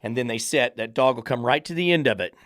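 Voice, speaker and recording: A man's voice: mid-range voice, fast talker, fairly bright tone, no echo, studio quality. A man who trains dogs and hosts a podcast, ranting in a blunt, profane, emphatic monologue. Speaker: dog trainer and podcast host.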